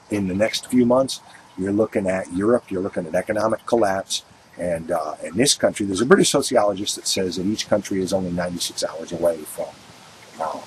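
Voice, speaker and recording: A man's voice: lowish voice, a little hiss or hum, rough recording. A man hosting a radio show, delivering a blunt and emphatic political monologue that hammers its points through repetition.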